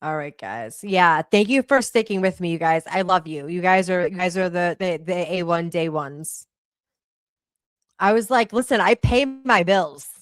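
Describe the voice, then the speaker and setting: A woman's voice: lowish voice, normal speed, smooth, no echo. A woman hosting a live stream, chatting casually and apologizing in a frazzled, swearing way. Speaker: livestream host.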